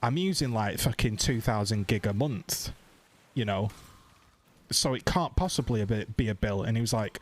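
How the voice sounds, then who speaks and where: A British man streaming, telling a story in casual, animated chat and swearing freely. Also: fairly low pitch, moderate pace, slight background noise. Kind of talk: casual chat, ranting anecdote.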